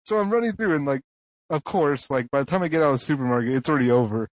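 A man telling a story in casual podcast chat, animated and saying "like" constantly. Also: mid-range voice, racing, no room sound.

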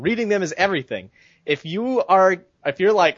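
A man co-hosting a podcast rants in a heated, profane, casual manner. His husky voice sits high and is very animated at a moderate pace. The recording is dry and dull, lo-fi, with no echo.

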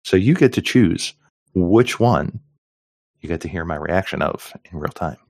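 A man's voice: sits low, expressive, unhurried, a little mellow, no echo, studio quality. A middle-aged man co-hosting a podcast in casual chat, jokey and rambling with lots of fillers. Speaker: podcast co-host.

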